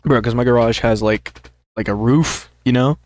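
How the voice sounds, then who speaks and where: A young man co-hosting a casual podcast, telling a story in a halting way with many fillers. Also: medium pitch. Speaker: podcast co-host. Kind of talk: casual chat.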